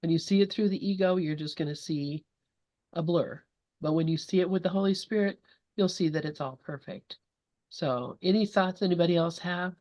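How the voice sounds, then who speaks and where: Woman, low-ish voice, dry dull video-call sound, rambling group leader. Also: moderate pace, mellow, dry recording. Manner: rambling, many restarts and fillers. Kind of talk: casual spiritual discussion.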